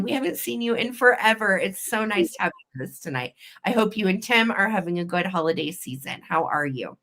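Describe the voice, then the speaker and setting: A woman's voice: mid-range voice, lively intonation, a little fast, few pauses. Effusive woman hosting a live sale. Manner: effusive, warm greetings to viewers, counts down bids. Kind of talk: live online auction chat.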